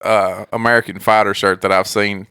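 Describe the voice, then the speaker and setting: A man's voice: on the low side, flat delivery, normal speed, sharp tone, clear, resonant tone, no room sound, clean studio sound. A man co-hosting a podcast in casual chat, laid-back and chiming in with short replies. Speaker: podcast co-host.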